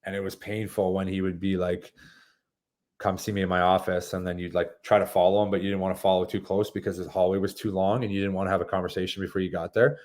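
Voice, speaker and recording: A man in his thirties with a fairly low voice, chatting as an interview guest. He tells stories in an animated way, trips over his words and restarts, and laughs as he goes. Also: quick pace, few pauses. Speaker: former hockey player, guest. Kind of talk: casual interview chat.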